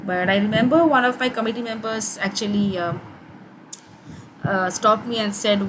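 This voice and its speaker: A woman's voice: medium pitch, normal speed, background noise. A young woman with an Indian English accent, giving an online course tutorial in a conversational way, with many fillers and restarts.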